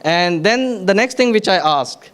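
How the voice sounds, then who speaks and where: A man's voice: sits high, expressive, measured pace, a bit bright. A man presenting at a tech conference, explaining step by step with frequent restarts and repeated words. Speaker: conference speaker. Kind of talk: technical conference talk. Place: conference venue.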